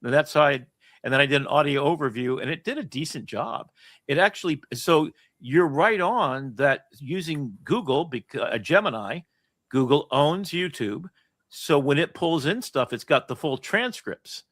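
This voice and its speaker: A man's voice: on the high side, lively intonation, a bit bright, dry recording, studio quality. A man hosting an interview show in casual chat, talking enthusiastically and jumping between thoughts over a video call. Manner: enthusiastic, rambling, rapid shifts of thought. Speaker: host.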